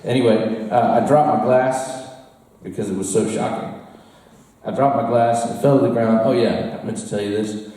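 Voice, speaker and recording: Warm and steady, a mid-range American male voice moves at normal speed through a rambling story that pokes fun at himself. He's performing live in a bar, frequently laughing at his own tale, captured from far off with a roomy echo.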